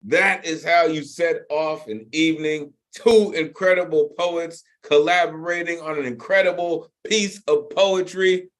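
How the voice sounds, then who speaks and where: Excitable man hosting an online open mic. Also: on the high side, measured pace, few pauses. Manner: excitable, repeats himself, laughs often. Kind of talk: enthusiastic hosting. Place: home, online video call. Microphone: video call.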